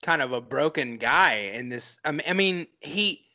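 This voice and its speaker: A man's voice: on the high side, lively intonation, moderate pace, pushed and bright. A man co-hosting a casual film podcast, rambling with lots of "like" and restarts, and swearing now and then. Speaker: podcast co-host.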